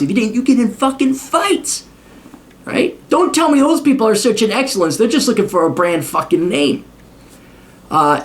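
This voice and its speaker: A man in his forties rants in a blunt, profane monologue. His voice sits fairly high and swings up and down, with loud opinions thrown out casually. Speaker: host.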